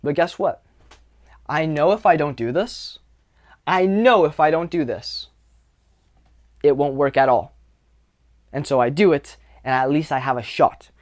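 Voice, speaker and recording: A man's voice: fairly high pitch, unhurried, pauses often. A young man giving a casual coaching talk to camera, loose and conversational, with lots of fillers and repetition, swearing now and then. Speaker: dating coach.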